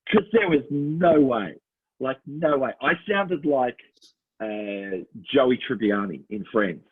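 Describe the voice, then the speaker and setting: A man's voice: medium pitch, slow pace, husky. A middle-aged man with an Australian accent, co-hosting a casual chat and telling stories with lots of laughs and little voices. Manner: animated storyteller, laughs often, slips into voices. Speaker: podcast co-host. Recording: tinny phone-line sound.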